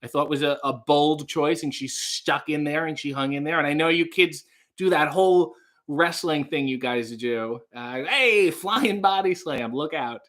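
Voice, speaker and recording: A man's voice: fairly high pitch, steady tone, normal speed, fairly bright tone. A man hosting a casual livestream, reading out viewer comments and riffing on them in a rambling, playful way. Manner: rambling, playful, mock-grand asides. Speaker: livestream host.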